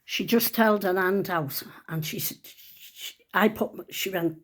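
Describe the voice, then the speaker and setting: An older woman with a Liverpool accent speaks to camera as a vlogger in a mid-range voice, a little slow. She tells an emotional personal story in a chatty, heartfelt way, using local dialect.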